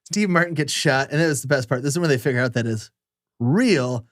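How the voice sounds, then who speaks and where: A man's voice: medium pitch, a little fast, dry recording. A man co-hosts a movie podcast in an easygoing, chatty way. His voice swoops up and down as he laughs and acts out scenes. The sound is close and dry. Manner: animated, laughs often, acts out movie lines. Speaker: podcast co-host. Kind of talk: casual movie discussion.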